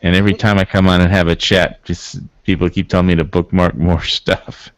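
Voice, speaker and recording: Very deep-voiced wry man. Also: level tone, fairly quick, dry recording. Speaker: podcast co-host. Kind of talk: casual chat.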